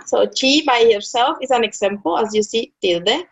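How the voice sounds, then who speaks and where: A woman teaching in a slightly high voice, speaking very slowly and carefully. She repeats key words and checks in with her student. The sound is dull and lo-fi, with keyboard typing in the background. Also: fairly bright tone, a little hiss or hum. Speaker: Spanish tutor. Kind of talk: slow online lesson explaining rules.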